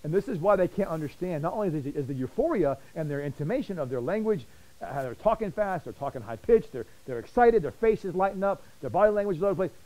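Passionate fast-talking male Bible teacher. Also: on the high side, rough recording. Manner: animated, fast-talking, repeats words when excited.

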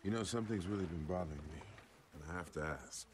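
Brief: male actor as a gruff, deep-voiced boat captain, laid-back and probing, game dialogue. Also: racing, noisy background, lightly acted. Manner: teasing and gently probing. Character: weathered middle-aged man, easygoing boat captain. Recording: game audio under loud music.

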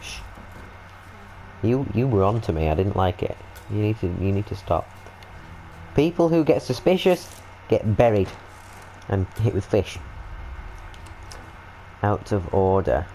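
A young British man doing excitable, swearing, joking commentary while playing a stealth game. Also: fairly low pitch, measured pace, long pauses, a little hiss or hum, poor audio. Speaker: gaming video host. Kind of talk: let's-play commentary.

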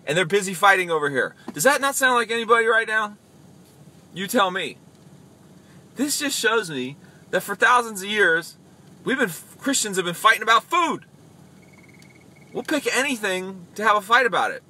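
A man hosting a casual podcast about faith, chatting loosely, acting out quick voices and reading comments aloud. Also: high voice, breathy edge. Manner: animated, acts out voices, reads comments aloud. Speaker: podcast host.

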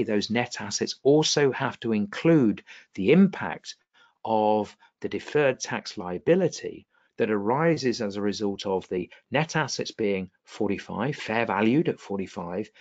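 A fairly low-pitched man, heard through lo-fi sound, tutors students in an online exam revision webinar. His manner is animated, and he questions the class often to see whether things make sense.

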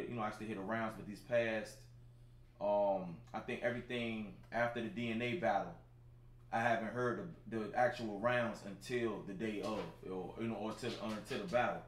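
A man's voice: lowish voice, fairly even intonation, fairly quick. Laid-back man hosting a livestream. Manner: laid-back, talks straight to chat viewers, lots of filler phrases. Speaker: livestream show host. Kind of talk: casual livestream chat with viewers. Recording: roomy sound with faint background noise.

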